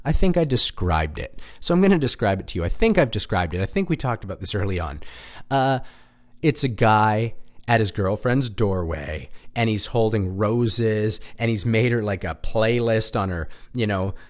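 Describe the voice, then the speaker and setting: Candid rambling man, lively pitch. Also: moderate pace. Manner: candid, rambling, self-deprecating, swears. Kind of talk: casual monologue.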